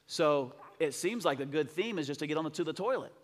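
A man preaching a sermon, telling a story in an excitable, rambling way with many restarts. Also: a little high, brisk. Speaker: pastor. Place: church sanctuary. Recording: long church hall reverb.

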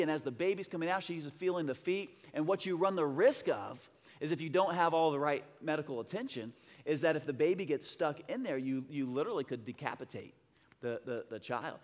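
A man preaching a sermon, telling a story in an excitable, rambling way with many restarts. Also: on the high side, fairly quick. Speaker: pastor. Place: church sanctuary. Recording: long church hall reverb.

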